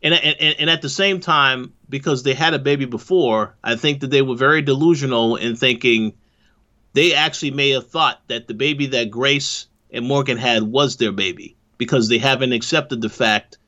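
Bright-voiced man on a dull mic. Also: mid-range voice. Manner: measured, hesitant, repeats words. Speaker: podcast co-host. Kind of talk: casual discussion.

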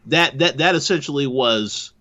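Bright-voiced man on a dull mic. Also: mid-range voice. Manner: measured, hesitant, repeats words. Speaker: podcast co-host. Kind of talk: casual discussion.

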